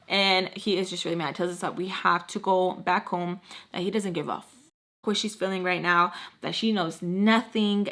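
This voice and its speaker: A woman's voice: fairly low pitch, fairly even intonation, normal speed, fairly bright tone. A young adult woman vlogger casually telling a personal story, chatty and full of fillers. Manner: chatty, filler-heavy, acts out quoted dialogue.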